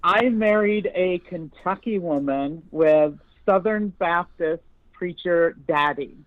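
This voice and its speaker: A woman's voice: on the low side, slow, dry recording. A woman from upstate New York, a guest in a casual interview chat, talking bluntly and swearing freely as she tells stories. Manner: blunt and profane, laughs while telling stories. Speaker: interview guest, radio host. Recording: dull, dry lo-fi podcast audio.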